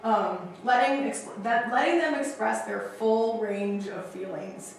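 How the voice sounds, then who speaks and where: A woman teaching counseling skills to a group, chatty and animated with frequent fillers and asides. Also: a little high, unhurried, gravelly, a little hiss or hum. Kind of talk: casual training lecture. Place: training room with a group. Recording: echoey room, distant mic.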